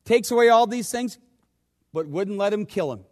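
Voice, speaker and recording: Preacher man swinging loud to hushed. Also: expressive, moderate pace. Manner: dramatic swings between loud urgent questions and hushed low asides. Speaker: pastor. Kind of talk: sermon.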